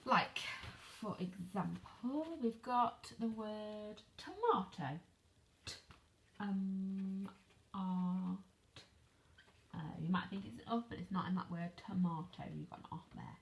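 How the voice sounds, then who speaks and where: A woman teaches phonics to young children over video. She speaks slowly and clearly, spells words out letter by letter, and keeps checking in with questions. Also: medium pitch. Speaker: primary school teacher. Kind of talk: online phonics lesson for children.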